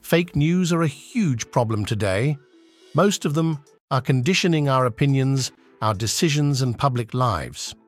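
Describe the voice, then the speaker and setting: A man's voice: mid-range voice, expressive, unhurried, soft background music. A man narrating a class radio play as a script, reading carefully and steadily.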